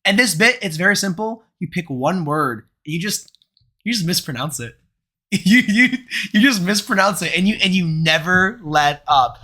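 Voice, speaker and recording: A young man co-hosting a casual chat podcast, animated and laughing often, with frequent stammered restarts as he tells stories. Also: high voice, normal speed. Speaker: podcast co-host.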